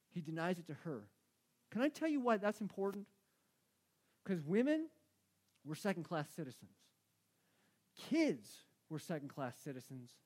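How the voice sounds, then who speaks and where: Man, pastor, sermon, high-pitched for a man, conversational, emphatic, repeats phrases. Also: mellow.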